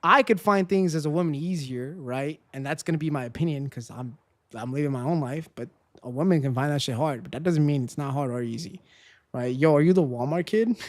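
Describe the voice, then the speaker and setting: A man's voice: a little high, darkish tone, dry recording. Chatty male streamer ending every line with "right?". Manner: rambling, tags nearly every sentence with "right?"; chatty and candid, swears casually. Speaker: gaming livestreamer. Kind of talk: casual livestream chat with viewers.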